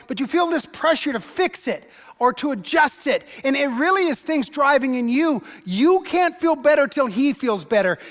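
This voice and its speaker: A pastor giving a sermon in a church, conversational and wry, with emphatic turns. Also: male voice, very high-pitched, fairly bright tone. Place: church sanctuary. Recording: long reverb of a large church hall.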